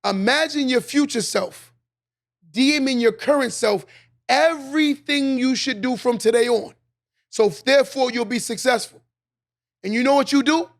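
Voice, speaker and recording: Man, very high pitch, gravelly, emphatic motivational monologue. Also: normal speed. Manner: preachy, emphatic, repeats lines for effect. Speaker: podcast host.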